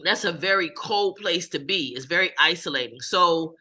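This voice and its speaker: A support group facilitator talks calmly and reflectively, affirming what others share. The voice is very bright and forceful, sitting in a middle range. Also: mid-range voice, normal speed.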